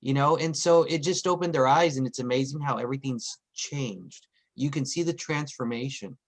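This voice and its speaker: Animated Texan man on a video call. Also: medium pitch, moderate pace. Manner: animated, acts out family members' voices. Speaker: meeting participant. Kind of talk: casual storytelling on a group call.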